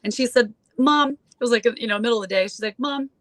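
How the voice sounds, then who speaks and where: A woman in her forties, a guest in a casual chat, tells a story at a very fast clip, packing it with fillers and acting out other people's voices. Her mid-range voice keeps a fairly even intonation, and the recording is dry.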